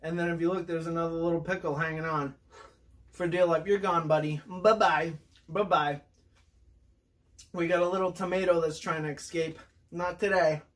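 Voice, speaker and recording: A man hosting a casual food review vlog, excitable and talking while he chews. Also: a little high, fairly quick. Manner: excitable, talks while chewing.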